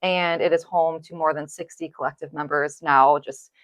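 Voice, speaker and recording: A woman hosts a heartfelt podcast conversation from an office, gushing and openly emotional. Her voice sits a little low and the room sounds close and dry. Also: fairly even intonation, moderate pace, no room sound. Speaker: podcast host. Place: office space, indoors.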